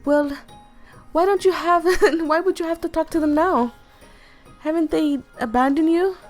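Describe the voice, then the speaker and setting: Brief: woman doing a high, bubbly older shop lady, Jamaican British accent, friendly but cagey. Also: normal speed, soft background music. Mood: flustered. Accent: put-on Jamaican British.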